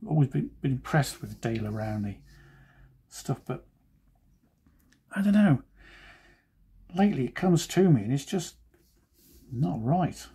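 A man's voice: medium pitch, animated, measured pace, long pauses, mellow, husky. A man who is a cartoonist, talking casually while he draws and making joking, self-deprecating asides. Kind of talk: chatty drawing commentary.

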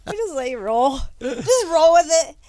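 A woman co-hosting a podcast, reacting to stories with quick, blunt comments. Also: high-pitched, big pitch swings, mellow, dry recording, clean studio sound. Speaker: podcast co-host. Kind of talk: casual podcast chat.

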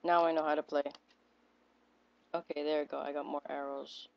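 A woman giving casual gameplay commentary as a video creator, excitable and often repeating short exclamations. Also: low-pitched, brisk, gravelly, pauses often. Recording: dull lo-fi home mic.

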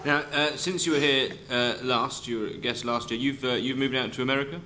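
A man's voice: medium pitch, fairly even intonation, fairly quick. A man hosting a live comedy show, introducing acts and interviewing a guest. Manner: introduces acts with a loud build-up. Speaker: host. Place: live venue with an audience. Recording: loud crowd and noise.

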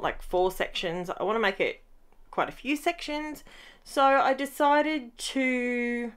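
A middle-aged woman talks through her crafting project in a relaxed, rambling way. She chats to her viewers like friends while she works at her desk at home. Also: medium pitch. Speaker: scrapbooking channel host. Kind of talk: casual crafting tutorial talk.

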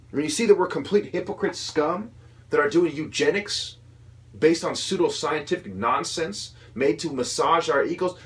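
Young guy ranting mad and swearing a lot, kinda high voice, mocks people he's mad at. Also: a little fast. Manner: profane, heated, mocking mimicry of opponents. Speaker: video commentator. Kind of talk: angry political rant.

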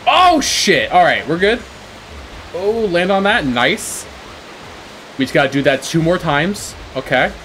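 A man giving excited commentary while playing a video game, swinging between calm explanation and shrieking, laughing panic, swearing a lot and boasting jokingly. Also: a little high, unhurried, pauses often, slight background noise. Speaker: gaming YouTuber.

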